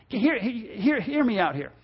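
A man's voice: sits high, big pitch swings, unhurried, slightly rough. A pastor delivering an impassioned sermon, repeating words and acting out the complaints he quotes, heard on a dull lo-fi recording.

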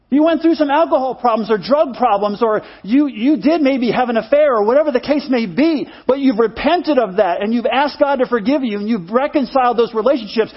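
Husky high-voiced male pastor preaching. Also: fairly quick, hardly any pauses, muffled recording. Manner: earnest, repetitive preaching with call-and-response. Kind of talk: sermon.

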